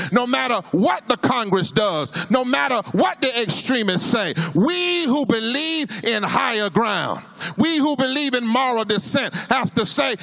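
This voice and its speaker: A man's voice: extremely high pitch, gravelly, fairly bright tone. A man giving a preaching speech at a panel, building a rising cadence with repeated refrains in a large hall.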